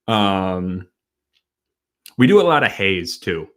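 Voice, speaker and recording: A man from Wisconsin hosting a casual late-night livestream, a bit tipsy, rambling and halting as he talks. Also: fairly low pitch, expressive. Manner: rambling, halting, with many fillers and restarts. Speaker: host.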